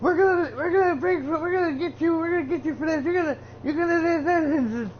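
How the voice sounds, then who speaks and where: Guy doing an angry wrestler dude yelling threats, squeaky and high, muffled lo-fi mic. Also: fairly quick. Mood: threatening. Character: angry male pro wrestler making threats. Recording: dull lo-fi with faint hiss.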